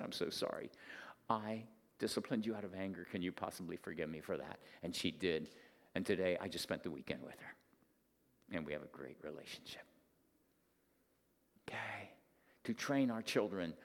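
A man preaching a sermon, moving between loud emphatic points and quiet, confiding stretches. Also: medium pitch. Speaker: pastor. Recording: long reverb of a hall.

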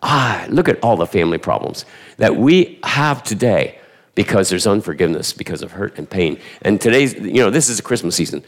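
A man preaching a sermon from a church stage, his lowish voice gravelly at the edges. He swings his pitch up and down with real animation, hammering home points with rhetorical questions and repetition. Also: fairly quick. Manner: animated, emphatic, asks the audience rhetorical questions, repeats phrases. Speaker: pastor.

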